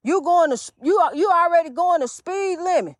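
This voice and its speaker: On the faith-talk podcast she runs, a high-voiced woman preaches in an animated, fairly quick, chatty manner, addressing listeners as honey. The sound is dry and close, with no echo and almost no room sound.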